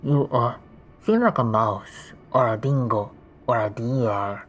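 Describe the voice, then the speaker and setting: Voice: slow, soft background music, close to an everyday voice. A streamer voicing a laid-back young man who talks from behind a fox mask, muffled and rambling, in a game playthrough. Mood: easygoing. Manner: easygoing, rambling sales pitch.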